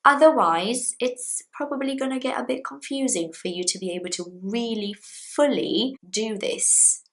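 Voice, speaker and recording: A woman, a Portuguese speaker, giving a casual English lesson to camera in an animated, chatty way with lively pitch jumps. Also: unhurried, low-quality recording. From Brazil. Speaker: English teacher.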